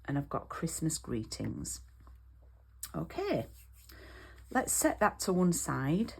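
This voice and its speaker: A woman's voice: sits low, gravelly, a little mellow. A British woman demonstrating card making in an online class, chatty and step by step, checking in with "okay?" as she goes.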